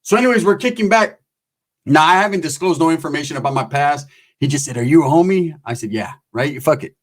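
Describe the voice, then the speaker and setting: A man's voice: fairly high pitch, fast talker, a bit bright. A man telling a comic story in a profane, rambling, slang-heavy way. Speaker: comedic storyteller. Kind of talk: casual comedic storytelling.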